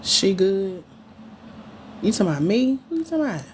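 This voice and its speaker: A woman's voice: mid-range voice, sing-song, moderate pace, a little mellow, a little hiss or hum. Playful woman teasing her livestream viewers. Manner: playful, teasing, talks back to chat comments. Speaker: grant coach hosting a livestream. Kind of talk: casual livestream chat with viewers.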